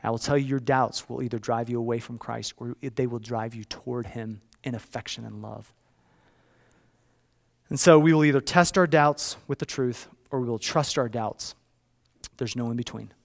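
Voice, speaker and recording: A man in his thirties preaching a sermon, with a storytelling delivery that swings from hushed to loud. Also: mid-range voice, normal speed, creaky. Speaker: pastor.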